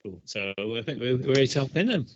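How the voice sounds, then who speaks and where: A man chatting on a video call, halting often and laughing with friends. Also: mid-range voice, big pitch swings, lo-fi sound, a little hiss or hum. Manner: halting and laughing, bright-toned. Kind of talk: casual chat on a video call.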